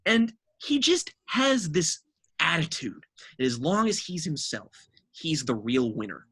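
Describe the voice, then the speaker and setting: A husky-voiced podcast co-host tears into an album in an exasperated, profanity-laced rant. The pitch leaps and dips all over as the complaints pile up. It is cutting and incredulous throughout, a review delivered as a tirade. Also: big pitch swings, unhurried, a bit bright.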